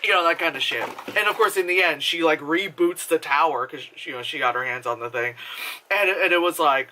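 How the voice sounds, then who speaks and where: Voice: mid-range voice, brisk, bright, forceful tone, slight background noise. A movie reviewer talking into a camera in a casual, rambling vlog review, swearing freely and laughing often. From United States.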